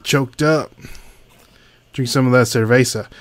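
A man's voice: mid-range voice, fairly even intonation, unhurried. A man hosting a casual livestream, greeting viewers by name and reading their chat comments aloud. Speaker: livestream host.

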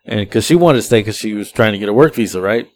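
Man, podcast host, rambling animated storyteller, laughs a lot. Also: on the low side, fast. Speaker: podcast host and Uber driver.

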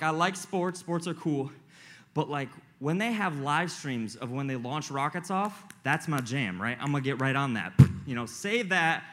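A young youth pastor with a voice on the high side preaches to a live group. His sermon is casual and full of jokes, delivered excitably with lots of slang.

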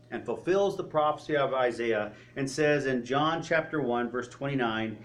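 A man preaching a sermon, telling the story vividly, asking rhetorical questions and dropping to a quiet voice for solemn points. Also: a little hiss or hum. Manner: drops to a quiet, low voice for solemn moments.

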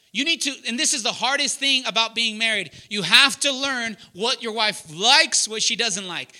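A man preaching loudly and emphatically to young adults, often asking the room to fill in words. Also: very high-pitched. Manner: loud, emphatic, asks the room questions. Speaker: pastor teaching young adults. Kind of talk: sermon.

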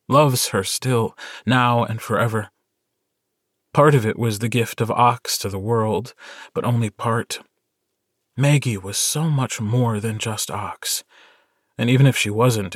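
A man narrating a short story audiobook in a measured, intimate storytelling manner. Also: fairly low pitch, no room sound, studio quality. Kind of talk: scripted narration.

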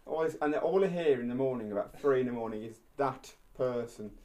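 A man's voice: medium pitch, fairly quick, dark tone. A man hosting a podcast, tipsy, rambling and joking, laughing often between lines. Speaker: podcast host. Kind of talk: casual chat.

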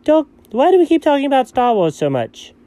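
A man playing a scatterbrained, excitable male buddy in comedy banter, jumping between low mumbles and sudden high yelps. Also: brisk, no echo, full character voice. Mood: goofy. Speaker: co-host.

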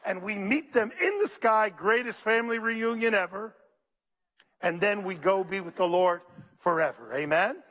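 Speaking at normal speed in a voice that sits high, a male pastor delivers a sermon. He reads scripture aloud and calls out to the congregation in an animated, preacherly style.

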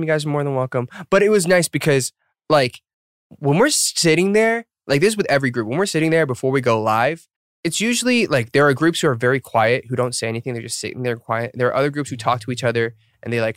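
In clean studio sound with no room echo, a podcast host in his thirties tells casual stories at a brisk clip. His voice sits in the mid range, and he's chatty, laughs a lot, and drops into voices when quoting people.

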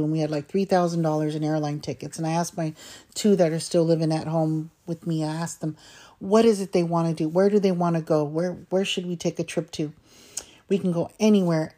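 A woman's voice: on the low side, a little mellow. A middle-aged woman hosting a podcast, talking in a heartfelt, personal way and often saying "you know". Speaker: podcast host. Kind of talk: personal reflective talk.

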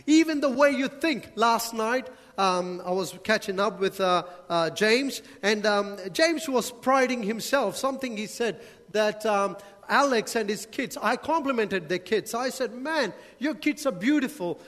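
A man's voice: sits high, animated, a little slow, fairly bright tone. A male pastor preaching a sermon, asking the congregation questions and joking with them along the way. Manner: preaching with rhetorical questions and humorous asides to the congregation. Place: church hall. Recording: long hall reverb.

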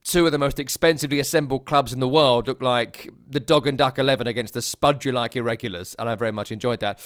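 Brief: male podcast co-host, mid pitch, wry storyteller, dry booth sound. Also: fast, no echo. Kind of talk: casual football chat.

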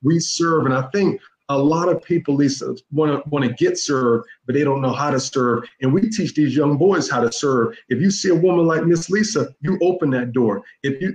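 Middle-aged man, fairly high voice, emphatic and repetitive, roomy echo. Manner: emphatic, repetitive, keeps addressing the host by name. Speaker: youth mentor guest. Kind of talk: casual interview talk. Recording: echoey room.

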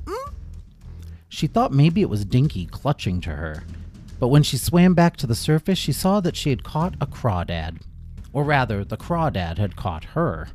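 Lively man telling a children's story. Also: medium pitch. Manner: playful, with sound effects.

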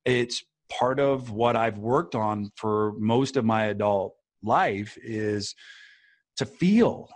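A man's voice: lowish voice, slow pace, no room sound. A man talking casually and earnestly about feelings, reflective and rambling with many fillers. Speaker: podcast guest or co-host, author. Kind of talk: casual conversation.

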